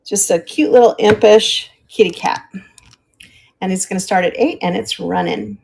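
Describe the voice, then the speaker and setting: With a husky, gravelly, slightly mellow voice of medium pitch, an older woman talks at a moderate pace while selling vintage pieces on a live stream. Once a teacher, she's friendly and talkative, describing items and occasionally pausing to find words.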